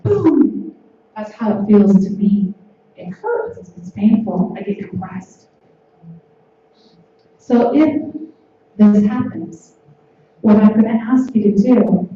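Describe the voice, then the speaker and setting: Woman, spiritual conference speaker, gentle, repetitive, dull lo-fi sound, faint hiss. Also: mid-range voice. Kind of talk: spiritual talk to an audience. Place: large hall on stage. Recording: echoey hall from far off, dull lo-fi.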